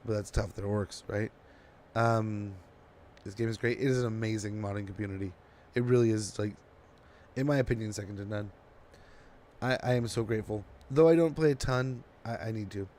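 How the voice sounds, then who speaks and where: His voice sits on the low side, a little mellow and fairly even, and he speaks briskly but with long pauses. Sleepy and chatty, he rambles to his viewers while streaming a strategy game, over a slight hiss or hum.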